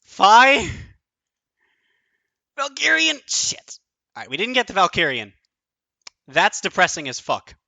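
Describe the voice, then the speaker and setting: A man streaming his own online card game tournament, thinking aloud, counting out numbers and swearing often, his voice going a bit hoarse. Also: fairly high pitch, sing-song, moderate pace, pauses often, bright, forceful tone, dry recording. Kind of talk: excited live commentary of own play.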